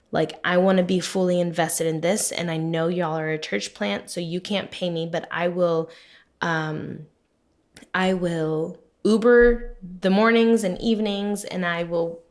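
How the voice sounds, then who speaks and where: A woman in her thirties tells a personal story on a podcast, chatty and rambling with plenty of fillers. Her voice sits slightly low for a woman. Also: a little slow. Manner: chatty storytelling, many fillers, laughs often. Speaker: podcast co-host. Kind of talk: casual chat.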